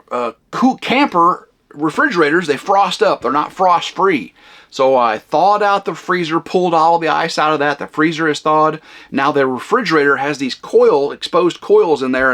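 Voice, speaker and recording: A man hosting a vlog, rambling casually at home in a camper cabin, loud and flamboyant with lots of fillers. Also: mid-range voice. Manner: loud, big flamboyant talker. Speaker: vlog host.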